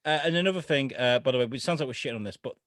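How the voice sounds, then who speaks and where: A man's voice: mid-range voice, rapid-fire, a bit bright, dry recording, studio quality. A man co-hosting a podcast in casual chat, swearing freely and slipping into mocking voice impressions. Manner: swears a lot, mocks voices with exaggerated impressions. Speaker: podcast co-host.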